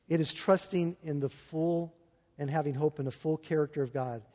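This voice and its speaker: A man preaching to his congregation with a somewhat high voice, earnest and halting as he circles back over his words. His sermon rings out through a large hall with a long reverb tail. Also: fairly even intonation, darkish tone. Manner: earnest, halting with repeated restarts and fillers. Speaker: pastor.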